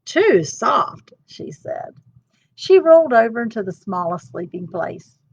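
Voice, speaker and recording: A woman's voice: mid-range voice, very animated, normal speed, creaky, warm tone, breathy edge. A woman hosting a storytime, reading a children's book aloud with expression. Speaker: storytime host. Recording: dull lo-fi sound.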